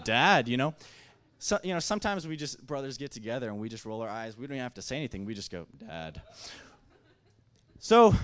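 A man telling a personal story at a microphone in an animated way. His voice keeps jumping louder and back down, and he often restarts his sentences. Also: mid-range voice. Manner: excitable, swings loud and back, many restarts. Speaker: speaker telling a family story at a mic.

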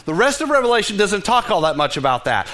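High-voiced pastor preaching earnestly. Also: male voice, big pitch swings, fast talker, a bit bright. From Texas. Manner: earnest, stammering restarts, dramatic dips to near whisper. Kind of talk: sermon.

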